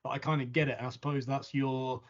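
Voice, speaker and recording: A man's voice: medium pitch, flat delivery, a little fast, lo-fi sound, a crowd in the background. Joking, profane male podcast host. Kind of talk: casual podcast interview.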